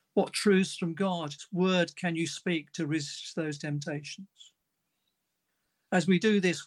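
A man preaching a sermon in an earnest manner, reading a story aloud with its dialogue. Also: a little high.

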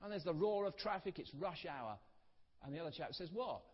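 A man preaching a sermon, earnest and storytelling, letting key words trail off softly. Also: on the high side, expressive, fairly quick, slightly rough. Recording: dull recording in a reverberant hall.

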